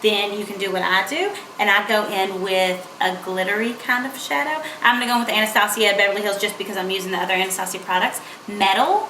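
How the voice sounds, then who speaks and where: A woman's voice: mid-range voice, fast talker, few pauses, pushed and bright, slight background noise. A young woman, chatting playfully through a makeup tutorial. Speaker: beauty vlogger. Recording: echoey room.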